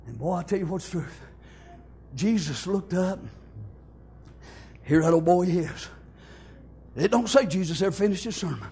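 A man's voice: high-pitched, lively intonation, normal speed, pauses often, a little mellow, husky. A middle-aged man, preaching a sermon and telling stories, punctuating his talk with "amen" and "thank God". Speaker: pastor. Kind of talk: sermon with storytelling.

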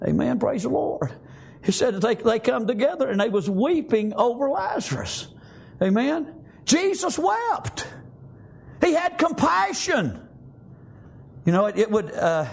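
A fervent male preacher with an unusually high voice for a man. He preaches a sermon, peppering nearly every line with "praise God" and "amen.". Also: very animated, unhurried, vocal fry, long pauses, slightly rough.

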